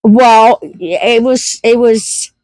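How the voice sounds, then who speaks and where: A woman's voice: fairly high pitch, very slow, a little mellow, dry recording. A middle-aged woman telling a funny story in a casual vlog, laughing through it and repeating herself. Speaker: homestead vlogger.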